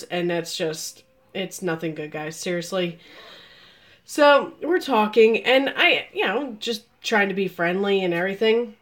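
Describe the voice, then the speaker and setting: A woman in her forties telling a story on a live video, animated and laughing, with loud exclamations. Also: medium pitch. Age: 40s. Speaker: vlogger.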